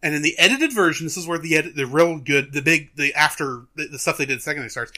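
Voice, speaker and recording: A man co-hosting a film review podcast, retelling a cartoon in casual chat as an animated storyteller who laughs often. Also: fairly high pitch, fast talker.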